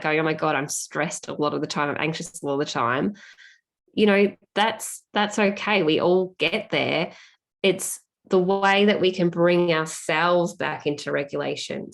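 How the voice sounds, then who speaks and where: A woman author speaking candidly and reflectively as an interview guest, talking in a plain, down-to-earth way. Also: lowish voice. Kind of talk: casual interview talk.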